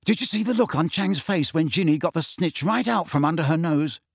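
A man voicing a blunt, excitable teenage schoolboy in an audiobook reading. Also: fairly high pitch, fairly quick, creaky, slightly rough, dry recording, clean studio sound, pitched above the performer's own voice, full character voice.

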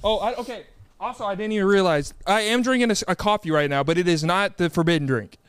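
Smooth high-voiced young man, dry sound. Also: fast talker, fairly bright tone, dry recording. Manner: playful, self-mocking. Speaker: podcast co-host. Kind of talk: casual podcast banter.

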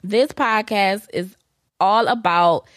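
A woman's voice: mid-range voice, slow pace, fairly bright tone, no echo, clean studio sound. A woman in her thirties co-hosting a podcast in casual chat, telling her story with animation and laughing along. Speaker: podcast co-host.

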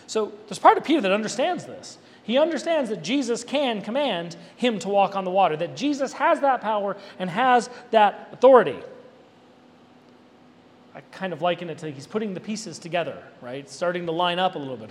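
A man preaching an expository sermon, animated and emphatic, with conversational asides to his listeners. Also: high-pitched, moderate pace. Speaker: pastor. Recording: reverberant hall with faint background noise.

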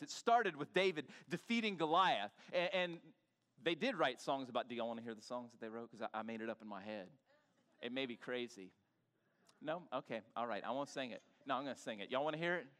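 A male pastor preaching an animated sermon in church, bantering with the congregation and urging them to talk back. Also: mid-range voice, long reverb tail. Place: church sanctuary.

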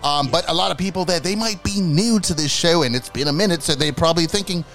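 Gravelly-voiced man in playful banter. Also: on the high side, fast, a bit bright, soft background music. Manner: playful, slips into a mock-fancy posh put-on voice and sing-song delivery. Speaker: podcast co-host. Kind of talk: casual comedic chat.

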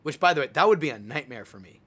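A young man hosting a casual chat, telling a story in an animated way and acting out his own words. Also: on the high side, quick pace, slightly rough. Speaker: podcast host.

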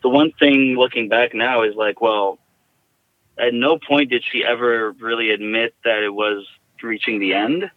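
A man recounting a personal story in a halting, reflective way, heard over a tinny phone line. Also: mid-range voice, fairly even intonation, dry recording. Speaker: guest.

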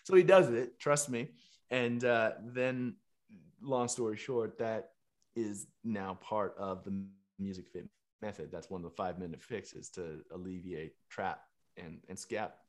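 A man, telling a casual, animated story as a musician and coach, laughing and swearing freely as he goes. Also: fairly low pitch, a little slow. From Canada.

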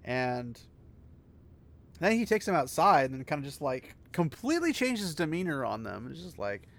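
A man co-hosting a podcast, reading a novel aloud and chatting about it casually, giggling and animated. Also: on the high side, normal speed.

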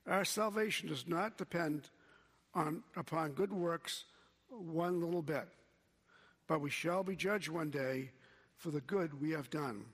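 A man preaching a sermon as pastor, slow and measured, quoting scripture. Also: a little high, a bit bright, husky, in a large hall.

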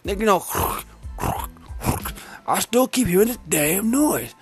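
A man's voice: sits high, animated, slow pace, husky, soft background music. A man telling a comic story in a rambling, profane, streetwise way, full of slang.

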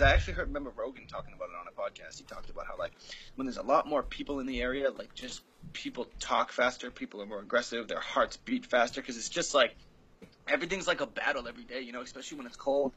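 A man's voice: medium pitch, pushed and bright, a little hiss or hum, rough recording. A man from Massachusetts with a strong Boston accent, talking casually and swearing on a podcast. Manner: fast-talking, profane. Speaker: podcast guest. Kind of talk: casual chat.

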